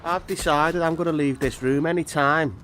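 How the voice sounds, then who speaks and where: Irritated British bloke, swearing, noisy setting. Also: male voice, on the high side, fairly even intonation, normal speed, fairly bright tone. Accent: British English. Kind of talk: casual chat. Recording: noisy background.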